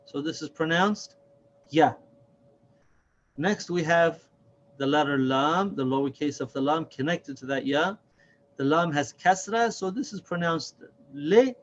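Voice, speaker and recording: A man's voice: fairly high pitch, lo-fi sound, slight background noise. A man teaching a reading lesson step by step, patiently sounding out and repeating each syllable.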